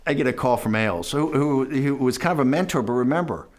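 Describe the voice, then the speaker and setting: In a conversational interview, a man with a medium-pitched voice talks fast, telling stories emphatically and rambling through them. He's animated, mimicking others in quoted asides and often tacking "right?" or "okay?" onto his points.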